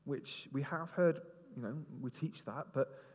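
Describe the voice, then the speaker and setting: A man's voice: mid-range voice, unhurried, husky. A man preaching an interactive sermon, joking with volunteers and directing them around the stage. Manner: lively, jokey, directing people on stage. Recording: long reverb in a large hall.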